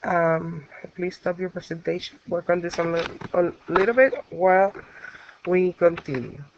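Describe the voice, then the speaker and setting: This is a classroom lesson on Spanish grammar, recorded with slight hiss or hum and a dull lo-fi quality. The woman teaching has a lowish, steady voice, speaks a little slowly, and lays out each rule step by step with patient fillers.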